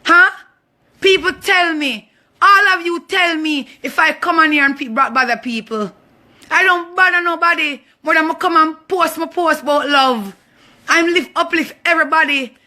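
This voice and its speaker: A woman in her thirties with a Jamaican accent, her voice high and sharp as she delivers an impassioned rant. She sounds fierce and indignant, emotional and close to tears, hammering points home by repeating them. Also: normal speed. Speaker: abuse survivor speaking out. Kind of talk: impassioned social media rant.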